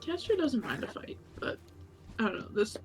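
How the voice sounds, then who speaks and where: A woman's voice: fairly high pitch, sing-song, moderate pace, faint music behind, rough recording. A woman chatting casually with her tabletop game group during a break. She swears freely and laughs often.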